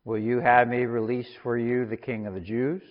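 A man's voice: mid-range voice, flat delivery, normal speed, natural voice. A man reading the lines of Pilate, a Roman governor, with plain questioning delivery. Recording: long reverb, dull lo-fi sound.

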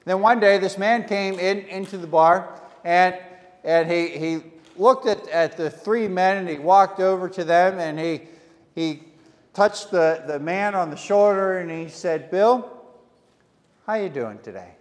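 A man's voice: sits high, fairly even intonation, measured pace. A man preaching a sermon as pastor, telling a story and often repeating words as he starts a phrase. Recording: echoey hall reverb.

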